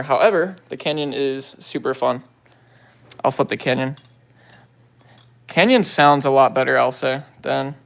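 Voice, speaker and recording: A young man talks casually on a phone livestream, greeting viewers and tossing out slang. His voice sits a bit high for a man and has a gravelly, fry-tinged edge. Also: fairly bright tone. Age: young adult. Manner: laid-back slangy talk, quick greetings to viewers. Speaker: livestream host. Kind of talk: casual livestream chat, reading viewer comments.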